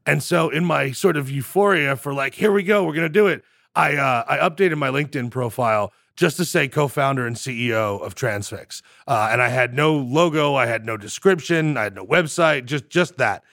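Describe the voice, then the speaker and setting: Gravelly-voiced man telling a founder story. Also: mid-range voice, moderate pace, hardly any pauses, dry recording, clean studio sound. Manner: animated, acts out quoted voices, stumbling restarts. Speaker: startup founder and CEO. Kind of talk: casual storytelling interview.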